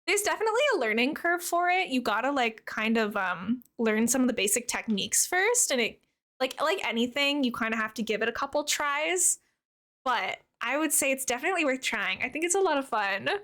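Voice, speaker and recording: Young woman, high voice, bubbly, chatty live-stream gamer, casual talk. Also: fairly bright tone. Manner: bubbly, chatty, reads and answers chat while playing.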